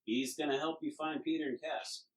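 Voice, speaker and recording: A man's voice: fairly high pitch, steady tone, moderate pace, far from the mic, pitched above the performer's own voice, lightly acted, low-quality recording. A man voicing a polite, businesslike leader who gives formal briefings with a few hesitations.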